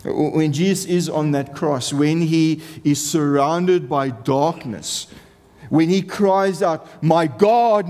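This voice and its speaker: A man delivers a sermon in a slightly raised register, speaking slowly and deliberately. He presses his points with earnest, impassioned repetition. His voice carries the long reverb of a large hall. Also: fairly high pitch, a little mellow. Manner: earnest, impassioned, repeats phrases for emphasis. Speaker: preacher.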